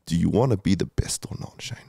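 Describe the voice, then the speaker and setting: A man's voice: deep voice, fast talker, vocal fry, dark tone, slightly rough, no echo, clean studio sound. A man in his thirties, a podcast guest, telling his story candidly and emotionally, with lots of swearing, fillers and restarts. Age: 30s.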